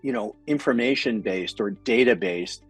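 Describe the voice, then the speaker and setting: A man co-hosting a casual business podcast, telling stories in an animated way and acting out the lines of the people he quotes. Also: medium pitch, normal speed, husky, no echo, soft background music. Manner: animated storyteller, acts out quotes, swears casually. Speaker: podcast co-host.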